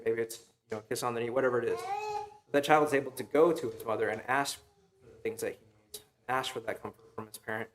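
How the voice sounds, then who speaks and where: A man's voice: medium pitch, fairly bright tone. Casual young man preaching a sermon. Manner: casual, storytelling, frequent fillers and "right?". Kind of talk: conversational sermon. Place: church sanctuary.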